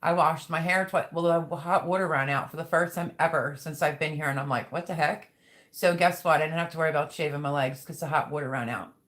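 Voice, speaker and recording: A woman's voice: deep voice, fast talker, few pauses, a bit bright. A woman hosting a casual live stream, greeting viewers by name and chatting while she reads their comments. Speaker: livestream host.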